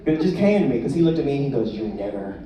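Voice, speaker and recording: A man doing a live stand-up set on a comedy club stage, crude and animated, laughing at his own jokes. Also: a little high, racing, heavy background noise. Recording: echoey club taped from far off, loud crowd. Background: audience laughter.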